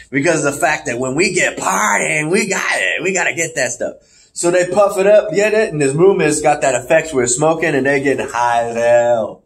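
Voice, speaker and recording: A man's voice: a little high, normal speed. A man hosting a podcast, casually recapping wrestling shows and acting out the wrestlers in put-on voices. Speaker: podcast host.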